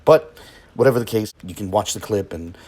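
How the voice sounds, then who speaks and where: Male host, deep husky voice, measured commentary. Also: darkish tone. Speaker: channel host. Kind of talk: scripted commentary.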